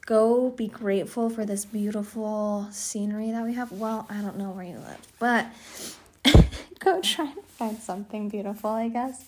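Slow, rambling young woman outdoors. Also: fairly high pitch. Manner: rambling, giggly, drifts into whispers. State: cold. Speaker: vlogger. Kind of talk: rambling casual monologue.

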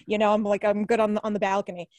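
A woman's voice: mid-range voice, flat delivery, very fast, darkish tone, dry recording. A woman in her forties from the New York area with a New York accent, chatting as an alumni guest in a podcast interview, laughing often and full of fillers. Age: 40s. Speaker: alumni guest, former radio newscaster. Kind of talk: casual interview chat.

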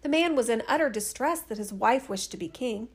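A woman narrating a fairy tale in a steady, expressive reading. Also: on the high side, brisk, slightly rough. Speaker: storyteller.

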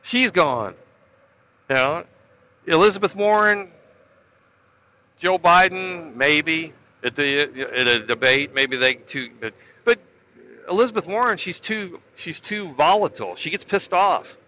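A man's voice: a little high, expressive, measured pace, long pauses, bright, forceful tone. A man delivering an opinionated political monologue, with sarcastic outbursts and a ranting, conversational manner. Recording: dull lo-fi recording.

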